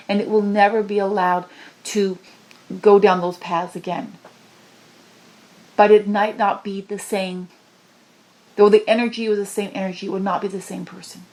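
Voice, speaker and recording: A woman delivering a channeled spiritual message, pleading with passion and moving from low murmurs to high cries. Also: little pitch movement, moderate pace, darkish tone.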